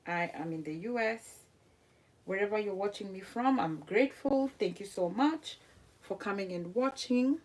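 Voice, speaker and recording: A woman's voice: mid-range voice, a little mellow. A woman hosting a cooking livestream, chatting casually with viewers, laughing often and trying out French phrases. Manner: unhurried, with many fillers. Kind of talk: casual live chat with viewers.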